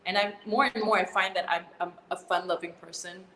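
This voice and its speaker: A bubbly woman singer chats casually on a call, laughing often and restarting her phrases. Her voice is bright and forceful, and it rings around an echoey room with a long tail and faint ambience behind. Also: lowish voice, steady tone, fairly quick, a little hiss or hum. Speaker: singer, guest. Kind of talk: casual video-call chat.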